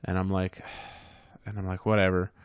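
A man's voice: on the low side, brisk, no echo, clean studio sound. A man co-hosting a casual podcast, telling a heated story with lots of swearing. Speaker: podcast co-host.

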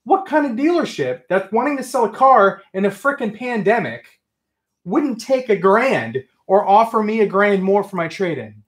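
A man hosting a casual livestream, talking excitedly and ranting to his chat. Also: high voice, moderate pace. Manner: excitable, ranting, says friggin' often. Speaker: livestream host.

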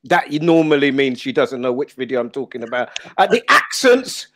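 A man hosting a casual show, joking and teasing his guests with quick restarts. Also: mid-range voice, sing-song, fairly bright tone. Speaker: host. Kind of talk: casual chat on a live show.

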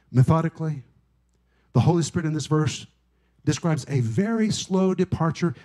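A middle-aged male pastor preaching a sermon, with emphatic stress and drawn-out key words. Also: a little high, warm tone, low-quality recording.

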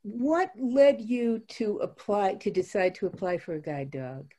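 Mellow woman asking gentle interview questions. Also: medium pitch, measured pace.

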